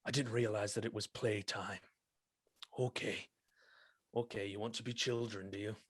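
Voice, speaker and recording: A hard-nosed, curmudgeonly old captain, voiced by a man in a tabletop game. He shifts from bellowing to low, quiet menace. The sound is dry and close. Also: fairly even intonation, moderate pace, husky, dry recording. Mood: menacing. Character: gruff curmudgeonly older male captain, bellowing taskmaster.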